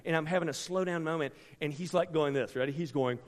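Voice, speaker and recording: A middle-aged man preaching a storytelling sermon, with a dramatic delivery that swings from hushed asides to sudden shouts. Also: on the high side, quick pace. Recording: long reverb from a large hall.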